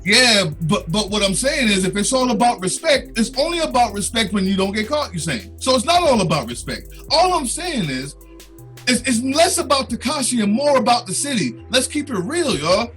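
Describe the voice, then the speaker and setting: Bright-voiced man pushing back in debate. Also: extremely high pitch, very animated, normal speed, faint music behind. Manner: conceding, then pushing back insistently. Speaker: podcast co-host. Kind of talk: casual debate on a podcast.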